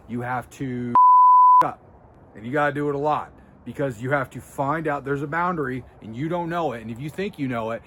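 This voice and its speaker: This man hosts body language videos, talking right into the camera and coaching viewers in a casual, forceful, intense manner. His medium-pitched voice is a bit bright, with slight background noise.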